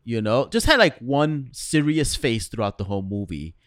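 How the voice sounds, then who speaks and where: A man's voice: mid-range voice, very animated, fairly bright tone, dry recording, studio quality. A man co-hosting a film podcast in casual chat, often stumbling and repeating words as he talks. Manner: halting, repeats words, enthusiastic. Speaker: podcast co-host.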